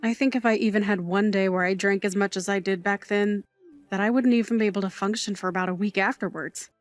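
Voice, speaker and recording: A woman's voice: medium pitch, fairly even intonation, fast talker, soft background music, close to an everyday voice. An actress voicing a glamorous, doting middle-aged aunt who works nights at a bar, fussy and theatrical in her manner. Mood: reassuring. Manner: fussy, dramatic, gushing. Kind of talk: audio drama acting.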